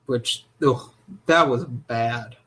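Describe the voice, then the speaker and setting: A young man co-hosting a casual podcast, talking in an animated, opinionated way. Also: mid-range voice, very slow, husky. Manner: animated, opinionated, jumps into loud mock voices. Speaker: podcast co-host.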